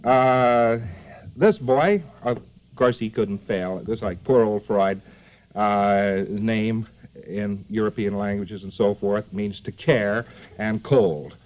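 A man with a lowish voice lectures slowly to a live audience, rambling, joking, and digressing as he goes. His talk is full of fillers and rhetorical asides like "see?" It comes from a dull, lo-fi old lecture recording.

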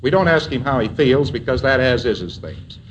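A man giving a lecture in a measured way, at times acting out both sides of a sample dialogue. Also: medium pitch, expressive, highs cut off, a little hiss or hum. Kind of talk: recorded lecture.

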